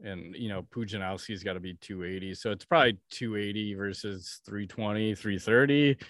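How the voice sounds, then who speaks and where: A man's voice: on the low side, normal speed, a bit bright, no room sound, clean studio sound. A man co-hosting a podcast, chatting casually in a blunt, profane, joking way. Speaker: podcast co-host. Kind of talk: casual chat.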